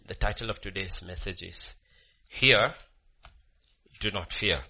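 A man, a pastor leading a prayer and preaching a sermon with fervent, emphatic, repetitive phrasing that swings between loud and hushed. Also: sits low, unhurried, breathy edge.

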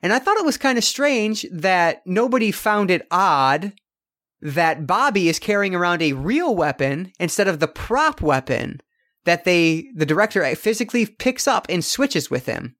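A man in casual podcast chat with a somewhat high-pitched voice. He rambles through his points and fills the gaps with ums and restarts. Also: big pitch swings, moderate pace, a bit bright. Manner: rambling, many fillers and restarts. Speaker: podcast co-host. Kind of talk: casual film review chat.

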